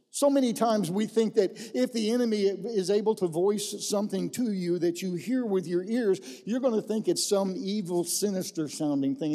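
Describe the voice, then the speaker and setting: Folksy middle-aged preacher in a hall. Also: male voice, sits high, warm tone. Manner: folksy storyteller, repeats phrases for emphasis. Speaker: pastor. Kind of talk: personal testimony from the pulpit. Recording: long reverb in a large hall.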